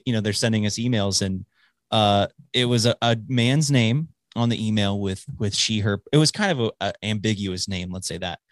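A man's voice: mid-range voice, dry recording. A man hosting a show, talking casually in a rambling way with lots of swearing and restarts, recorded close on a dry mic. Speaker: podcast host. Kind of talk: casual chat.

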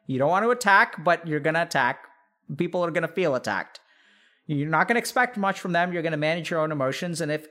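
A man hosting a podcast, giving casual advice in an animated way, peppered with "like" and "right?" and acting out what imagined relatives would say. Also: fairly high pitch. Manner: animated, acts out imagined family members mid-sentence; frequent fillers "like" and "right?".

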